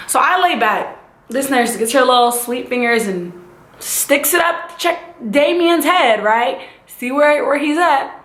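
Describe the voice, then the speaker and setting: A young woman vlogger telling a casual, animated storytime, acting out the voices of the people in it. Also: high-pitched, normal speed, reverberant. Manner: animated, acts out voices and sound effects.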